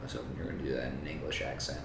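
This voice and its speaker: Male podcast co-host, gravelly, halting delivery, distant echoey mic. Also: rumbling low, level tone, fairly bright tone, slight background noise. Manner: hesitant, lots of uhs. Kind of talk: casual podcast chat.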